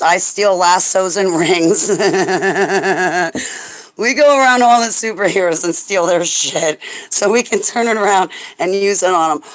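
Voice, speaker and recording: A woman's voice: mid-range voice, fairly bright tone, low-quality recording. Rambling, laughing woman on a livestream. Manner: emotional, profane, laughs often; prays aloud at times. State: stressed. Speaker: livestream host. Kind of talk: rambling livestream chat with viewers.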